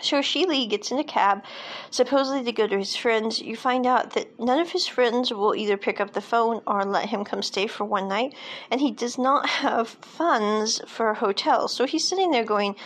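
A woman's voice: fairly high pitch, moderate pace. A woman casually recapping a film's plot, rambling with lots of fillers and side comments. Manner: rambling, chatty, many fillers and asides.

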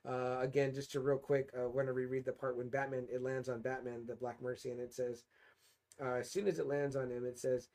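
Gravelly-voiced man chatting about comics. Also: medium pitch, normal speed. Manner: animated, swears freely, often says "you know what I mean". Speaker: podcast co-host reviewing comics. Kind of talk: casual chat, reading comic passages aloud.

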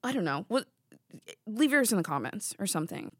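A woman's voice: medium pitch, sing-song, brisk, breathy edge, no room sound. A young woman hosting a podcast in a studio, chatting casually in a rambling, giggly, self-deprecating way. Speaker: podcast host. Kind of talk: casual chat.

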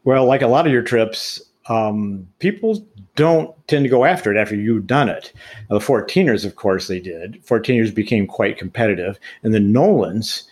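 A man's voice: lowish voice, lively intonation, moderate pace, darkish tone, breathy edge. An older man hosting an interview, asking rambling, stammering questions. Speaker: podcast host, interviewer. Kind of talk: casual interview conversation.

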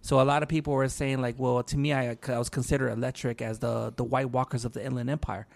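A man, a podcast guest telling an animated story in casual chat and swearing a lot. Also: mid-range voice, fast, vocal fry.

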